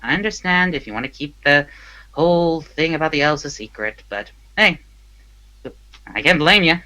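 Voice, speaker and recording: A man's voice: fairly high pitch, expressive, moderate pace, bright, forceful tone, rough recording. A man voicing a sarcastic, jealous male prisoner with a mocking way of talking.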